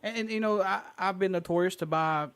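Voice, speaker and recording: A male radio host with a slightly higher voice talks in a relaxed, chatty way. He asks his guest questions casually and laughs easily between remarks. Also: brisk, smooth, no room sound. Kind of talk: casual interview chat.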